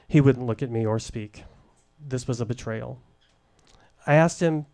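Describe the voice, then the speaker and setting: A middle-aged man telling a candid personal story at a live showcase, deliberate and wry, into a stage microphone. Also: medium pitch, darkish tone. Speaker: storyteller, former case manager.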